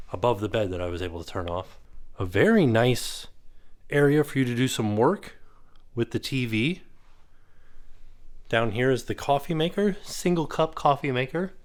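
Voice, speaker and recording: A man's voice: medium pitch, lively intonation, normal speed, long pauses. Man, chatty vlogger, hotel room tour, mid-range voice, pointing things out. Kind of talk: casual walk-through narration.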